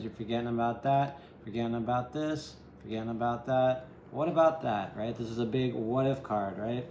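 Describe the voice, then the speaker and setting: A man talks through a tarot spread in loose, meandering sentences, checking in with "right?" as he goes. His voice is mellow and relaxed, with wry, self-deprecating asides. The recording sounds roomy, with an echo around him. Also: medium pitch, fairly quick, a little hiss or hum. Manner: rambling, keeps asking "right?". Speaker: tarot reader. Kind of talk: casual tarot reading. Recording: echoey room.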